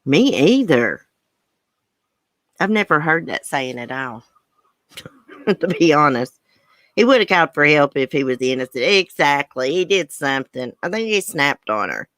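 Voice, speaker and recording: A woman's voice: low voice, big pitch swings, a little slow, pauses often, a bit bright, dry recording. An older woman with a thick Southern country accent, chatting casually on a livestream and reading viewer comments aloud. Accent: American Southern. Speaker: livestream host.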